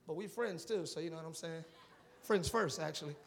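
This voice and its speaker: A male pastor preaching a live sermon, animated and repetitive, asking the congregation for responses and dropping into casual slang. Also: a little high, brisk, vocal fry, a little hiss or hum. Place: church sanctuary. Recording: long reverb of a large church.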